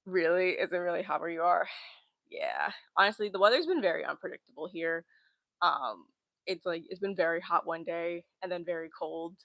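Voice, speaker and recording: Young woman, twenties, casual streamer; yappy and giggly, bright tone, close and dry. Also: fairly low pitch, normal speed, gravelly, no echo. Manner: rambling, chatty, giggly. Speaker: livestream host. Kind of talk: casual livestream chat. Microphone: laptop mic.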